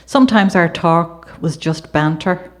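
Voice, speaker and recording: A woman with an Irish accent tells her life story to a gallery audience, partly reading from a memoir and partly talking off the cuff. Her voice sits low, and her delivery slips easily from read prose into conversational asides. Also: expressive, measured pace. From Ireland. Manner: warm conversational asides with occasional laughter. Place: gallery event before an audience.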